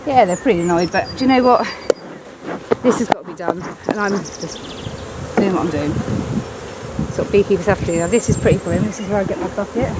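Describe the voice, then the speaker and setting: A woman working a hive outdoors, her everyday mid-pitched voice cutting through loud wind and buzzing bees. She talks her way through the job bluntly and casually, swears a little, and coaxes the insects along as she goes. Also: a little fast. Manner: chatty, blunt, mildly swearing, coaxing the bees. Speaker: beekeeper. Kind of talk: casual hands-on commentary while working. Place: outdoors at beehives on a windy day.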